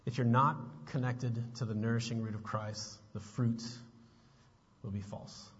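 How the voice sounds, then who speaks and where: A man preaching a sermon as a pastor, moving between relaxed chat and pointed, emphatic questions. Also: medium pitch, unhurried, husky. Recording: muffled sound with long reverb.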